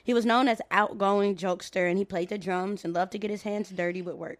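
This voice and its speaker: A woman's voice: medium pitch, fairly even intonation, a little fast. A woman co-hosting a casual true-crime podcast, telling the story in a laid-back way with slang. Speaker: podcast co-host.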